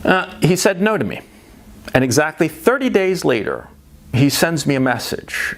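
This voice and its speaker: A man holding forth in a casual vlog monologue, his pitch swinging widely from phrase to phrase. He is blunt and profane, hammers his points home by repeating them, and keeps checking in with his listener. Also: sing-song, moderate pace, creaky, a little hiss or hum. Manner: blunt and profane, tag questions. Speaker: vlogger.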